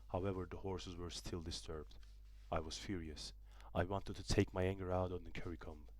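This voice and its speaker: Brief: young male student narrator, Turkish native, deep voice, dry close read. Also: darkish tone, no room sound. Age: young adult. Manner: careful reading with small restarts. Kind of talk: audiobook narration.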